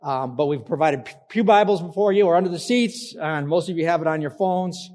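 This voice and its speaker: A man's voice: on the high side, a little fast, a little mellow. A man preaching a sermon as pastor, asking the congregation to call out answers. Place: church hall. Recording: long church hall reverb.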